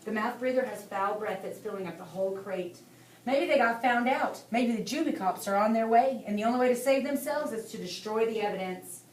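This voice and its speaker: Brief: female audiobook narrator, steady dramatic reading, echoey room. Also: fairly high pitch, brisk. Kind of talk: scripted narration. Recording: echoey room, distant mic, faint hiss.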